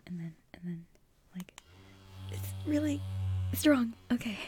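A woman talking quietly in a whisper, stuffy-nosed and a little hoarse, hesitant and giggly with lots of fillers. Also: on the high side, lively intonation, unhurried, slight background noise. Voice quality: hoarse, losing her voice. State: stuffy nose. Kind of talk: whispered casual talk to a mic.

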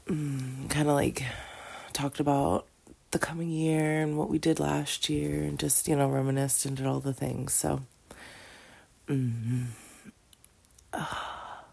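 A woman recording a casual, intimate audio diary from bed with a groggy morning voice, drowsy and soft, often sliding into a half-whisper. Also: sits low, level tone, slow, vocal fry, pauses often, breathy edge. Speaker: audio diarist. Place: in bed at home.

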